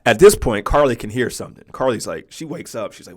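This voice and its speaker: This podcast host, a man in his forties, has a mid-range, darkish voice and talks fast and animatedly. Sharing a personal story in a conversational way, he keeps checking in with a frequent "right?"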